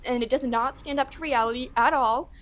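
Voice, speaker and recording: A woman delivering an opinionated commentary in a brisk, assertive and dismissive manner. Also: high-pitched, a bit bright. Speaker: video commentator.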